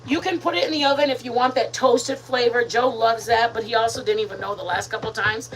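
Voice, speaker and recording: A woman's voice: a little high, steady tone, fast talker, a little hiss or hum, low-quality recording. A woman hosting a live cooking stream from her home kitchen, chatting in a rambling way and talking to viewers as "you guys". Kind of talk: casual live-stream chat while cooking.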